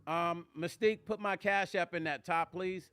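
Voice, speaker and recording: A man's voice: sits high, steady tone, moderate pace, sharp tone, smooth, soft background music. A man with a New Jersey accent hosting a casual live-stream vlog, chatting with viewers and answering their comments by name.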